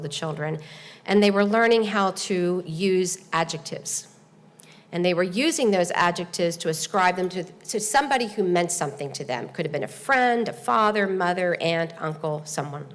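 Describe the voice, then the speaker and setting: A woman hosting a seminar, giving an earnest formal speech to an audience, telling a story with pauses and fillers. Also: lowish voice. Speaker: event host and presenter. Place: large hall at a speaking seminar. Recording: long hall reverb.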